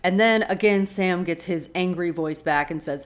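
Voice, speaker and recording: Expressive woman recapping a TV episode. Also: lowish voice, normal speed. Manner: expressive, reacts emotionally while retelling. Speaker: rewatch show host.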